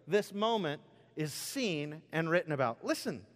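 A man's voice: a little high, unhurried. Man, pastor, sermon, self-deprecating storytelling, long hall reverb. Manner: animated, self-deprecating storytelling with sudden loud outbursts. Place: church sanctuary.

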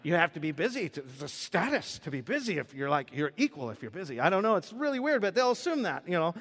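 Male pastor, chatty and joking, slightly raised pitch, echoing sanctuary. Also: sing-song, fast, hardly any pauses, fairly bright tone. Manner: conversational, joking, acts out quoted voices. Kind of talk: sermon. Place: church sanctuary. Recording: preached in a large reverberant hall.

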